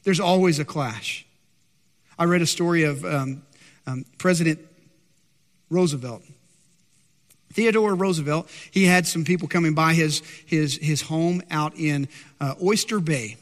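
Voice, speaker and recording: A man preaching a sermon as pastor, impassioned and animated, acting out worried disciples with a lifted voice. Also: a little slow, long pauses. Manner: impassioned, acts out anxious disciples in higher voice. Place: church sanctuary. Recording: long hall reverb.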